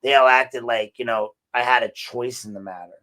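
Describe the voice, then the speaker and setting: A man hosting a podcast, talking through a recent confrontation in a casual, animated commentary, with emphatic bursts and rambling restarts. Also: medium pitch, normal speed. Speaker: podcast host.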